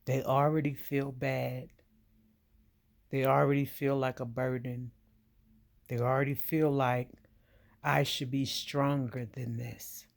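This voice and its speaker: Slow, low-voiced woman giving earnest advice. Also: flat delivery, creaky, a little mellow. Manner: direct, emphatic, talks straight to the viewer. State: getting emotional. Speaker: veteran vlogger giving advice.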